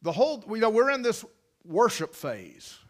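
A man preaching a sermon, folksy and emphatic, with many restarts and loud repeated cries. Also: high voice, very animated, normal speed.

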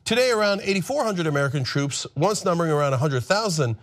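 A man's voice: fairly high pitch, animated, fast. A man hosting political commentary, ranting sarcastically and mocking others in put-on voices.

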